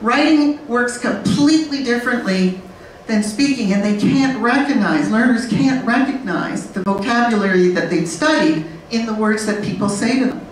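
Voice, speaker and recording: A woman speaking on a conference panel in a lively, blunt way, acting out learners and babies. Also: on the high side, normal speed. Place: conference room. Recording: very echoey room from far off, faint noise.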